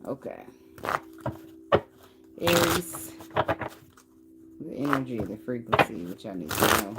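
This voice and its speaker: A woman's voice: extremely low pitch, lively intonation, brisk, very noisy. A woman giving a casual tarot reading, blunt and loose, swearing as she thinks aloud. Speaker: tarot reader. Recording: card shuffling and clicks behind the voice. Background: cards shuffling, clicks.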